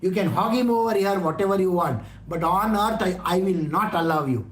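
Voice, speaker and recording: A man's voice: high-pitched, brisk, a bit bright. An offended young man vows revenge in a huffy, defiant tone, as an Indian English storyteller puts him on. It stays close to the teller's own voice, and a roomy echo hangs around it. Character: offended young male friend, vowing revenge.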